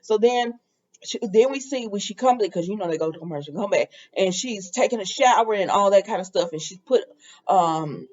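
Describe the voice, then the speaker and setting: A woman hosting a casual soap opera recap, chatty and animated, with laughing asides. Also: mid-range voice, brisk, husky, highs cut off.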